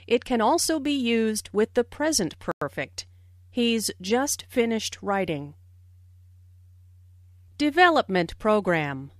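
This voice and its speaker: Brief: female teacher voice, slightly high and unhurried, clean dry studio sound. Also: no room sound. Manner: careful, clearly enunciated explanations. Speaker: English lesson narrator and dialogue reader. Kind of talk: slow scripted teaching narration.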